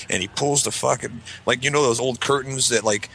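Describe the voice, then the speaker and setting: A man telling a long story in casual chat with friends, rambling and profane, acting out shouted quotes. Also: medium pitch, fairly quick, vocal fry, hardly any pauses, slight background noise. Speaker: podcast co-host telling a story.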